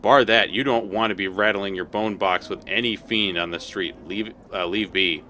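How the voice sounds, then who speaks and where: A chatty floating skull from a game, quick and chummy, as a man puts it on. The tone is bright and a bit lower than usual, and he talks fast. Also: fairly even intonation, a little hiss or hum. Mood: warning.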